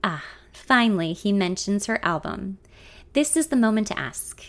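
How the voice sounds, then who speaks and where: A woman's voice: mid-range voice, lively intonation, normal speed. A woman reading a first-person story in a confiding, introspective way. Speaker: narrator.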